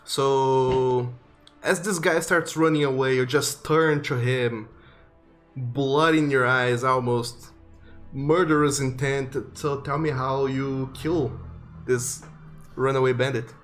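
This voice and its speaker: A man running a tabletop game describes the action vividly, pausing often on fillers and restarts. His voice sits at a middling pitch over faint background music. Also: steady tone, a bit bright. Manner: vivid, halting narration with fillers. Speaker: game master.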